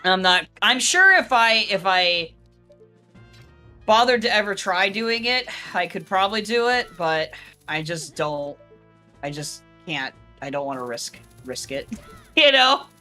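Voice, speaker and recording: Guest stream commentator, bright tense voice, stop-start delivery, light music behind. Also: medium pitch, lively intonation. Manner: halting, restarts often, laughs easily. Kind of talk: casual live game commentary.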